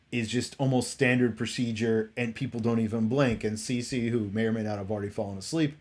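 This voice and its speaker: A man's voice: mid-range voice, a little mellow. A man hosting a casual commentary stream, rambling and exasperated, often restarting his sentences. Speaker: host.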